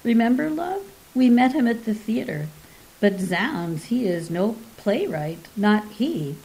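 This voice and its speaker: An excitable, superstitious Elizabethan wife exclaiming in old-fashioned speech at an unhurried pace, as a woman reading a story puts her on. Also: a little high, full character voice, low-quality recording. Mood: incredulous. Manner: archaic, exclaiming.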